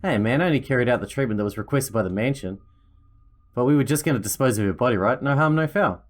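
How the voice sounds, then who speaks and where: A man's voice: mid-range voice, expressive, fast, lightly acted. A man voicing a callous, flippant male doctor in a visual novel, speaking dismissively. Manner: dismissive, offhand. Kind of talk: reading a visual novel aloud.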